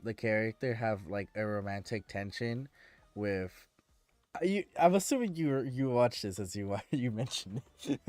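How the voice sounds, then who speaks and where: A man's voice: medium pitch, moderate pace, a little mellow, no room sound. Man ranting casually to his stream. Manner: ranting, exasperated, restarts often. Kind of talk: casual chat with stream viewers.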